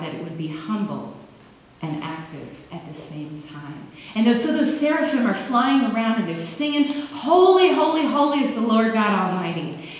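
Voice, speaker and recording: A woman's voice: medium pitch, slight background noise. Woman pastor, conversational sermon, big church reverb, slightly dull recording. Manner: conversational, animated storytelling with acted quotes. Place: church sanctuary. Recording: echoey church hall, dull lo-fi sound.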